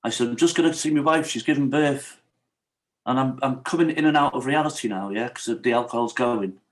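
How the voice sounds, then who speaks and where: A man's voice: medium pitch, fairly quick. A middle-aged man from Wales, a podcast guest telling his personal story in an earnest, confessional way. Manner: earnest, confessional, leans on "yeah" and "I said".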